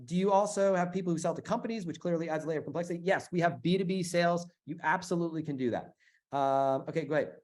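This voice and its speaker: A middle-aged man hosting a live sales webinar, pitching emphatically with repeated phrases and frequent fillers. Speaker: webinar host selling a business bootcamp.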